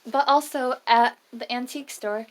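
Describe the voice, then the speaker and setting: A young woman with a slightly high voice talks casually through a vlog while she has the hiccups, showing off her purchases in a dorm room. Faint noise sits under the recording. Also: steady tone, moderate pace. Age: young adult. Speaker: vlogger.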